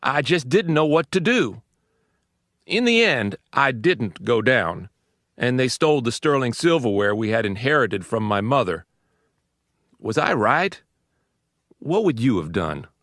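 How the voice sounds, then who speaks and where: A man's voice: mid-range voice, big pitch swings, measured pace, pauses often, fairly bright tone, no room sound, studio quality. Man earnestly reading a personal story. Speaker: course narrator reading a letter. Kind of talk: scripted reading.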